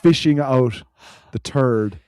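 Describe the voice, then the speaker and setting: A man's voice: medium pitch, slow, background noise. A man co-hosting a podcast in casual chat, telling stories full of swearing, fillers and restarts. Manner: swears freely, lots of fillers and restarts, laughs through stories. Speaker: podcast co-host.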